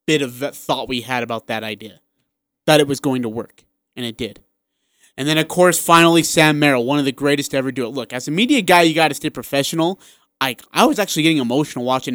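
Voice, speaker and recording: A man co-hosting a sports radio show, talking in a casual, excitable way and acting out what people said. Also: mid-range voice, no echo, studio quality. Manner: excitable, animated storyteller who acts out quotes.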